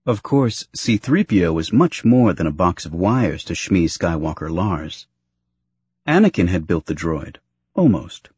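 A man narrating a novel aloud in an expressive storytelling way. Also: low voice, measured pace, husky, no room sound. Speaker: audiobook narrator. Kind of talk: scripted narration.

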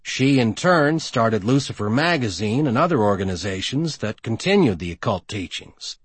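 A male audiobook narrator with a husky voice whose pitch rises and falls a great deal as he reads. He sounds close and completely dry, at a middling pitch. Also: animated, moderate pace, no room sound. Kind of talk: scripted narration.

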